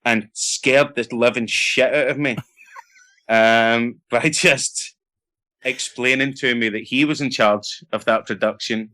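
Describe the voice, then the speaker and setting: Scottish guy, middle-aged, bright tense voice, chatty storytelling with lots of laughs. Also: medium pitch, slow. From Scotland. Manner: animated anecdotes with laughter and acted-out quotes. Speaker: actor guest. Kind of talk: casual interview storytelling.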